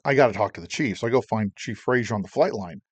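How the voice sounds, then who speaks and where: A middle-aged man, a Navy veteran, casually retelling his own service stories with animated, emotional delivery. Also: lowish voice, fast talker, husky, no echo. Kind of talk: casual personal storytelling.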